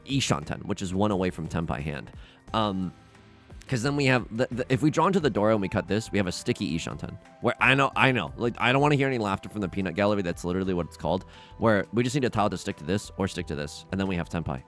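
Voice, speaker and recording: A man's voice: on the low side, a bit bright. A young man casually commentating his own gameplay, thinking aloud and joking at his own expense. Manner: chatty, self-mocking, thinks aloud with frequent laughs. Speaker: let's play host.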